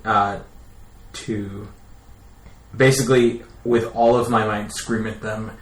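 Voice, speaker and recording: A man's voice: lowish voice, fairly even intonation, slow pace, long pauses. An eager man playing a tabletop game, describing his character's moves. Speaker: player. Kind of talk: casual tabletop gaming chat. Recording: echoey room with clear background noise.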